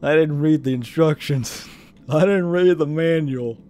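A man putting on a put-on Southern American accent to voice a crude, swearing redneck man who scolds himself loudly. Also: a little high, a little slow, voice pushed up, natural voice. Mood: exasperated. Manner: loud, cursing, self-mocking.

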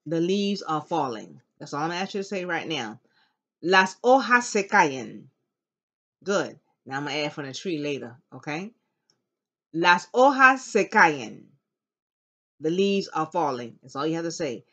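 A woman teaching an elementary Spanish class, slowly modeling words for students to repeat and cheering them on. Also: deep voice, big pitch swings, fairly bright tone. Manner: upbeat and encouraging. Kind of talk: classroom language lesson. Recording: dull lo-fi classroom recording.

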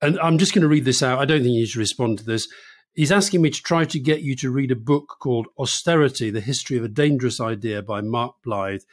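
A man from Scotland co-hosting a political podcast, brisk and conversational as he reads questions and chats. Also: mid-range voice, no room sound, clean studio sound. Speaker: podcast co-host. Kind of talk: casual political chat.

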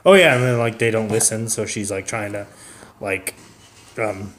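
A man's voice: fairly low pitch, normal speed, a bit bright. A man co-hosting a casual chat, laughing often and slipping into character voices. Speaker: co-host.

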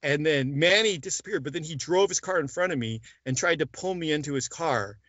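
A man on the high side, fairly quick and fairly bright, retells events during an interview, acting out each exchange with plenty of "like" and "I go." His storytelling is animated and conversational. The recording is dry, dull, lo-fi, with no echo.

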